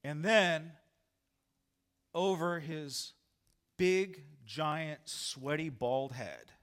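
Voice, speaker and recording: Male pastor, sermon storytelling, bright forceful voice, animated, slightly high. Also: very slow. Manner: animated, acts out his own lines loudly.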